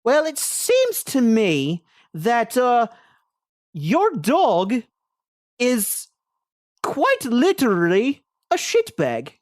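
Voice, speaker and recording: A man voicing a rowdy drunk male bard who keeps swapping accents and shouts his lines. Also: very high-pitched, huge pitch swings, extremely slow, no room sound, clean studio sound, pitched above the performer's own voice, heavily acted. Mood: amused. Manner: loud, shouting.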